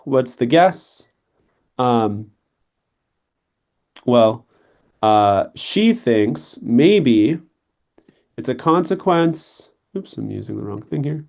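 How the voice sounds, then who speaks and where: A man's voice: medium pitch, lively intonation, slow, gravelly, a little mellow. A young adult man tutoring, explaining reading test answers in a conversational way and checking in with the listener as he goes. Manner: conversational, checks in with "right?" and "okay".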